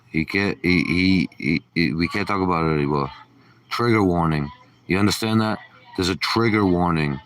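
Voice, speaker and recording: A livestream host with a fairly low voice, recorded far from the mic, rambles casually in a sarcastic rant, swearing as he goes.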